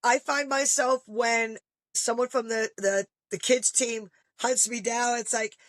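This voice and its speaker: A woman's voice: fairly high pitch, a little slow, dry recording. A middle-aged woman, a parent, talking casually and animatedly, acting out the people she quotes. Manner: animated storyteller, acts out quoted voices. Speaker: guest parent. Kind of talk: casual podcast conversation.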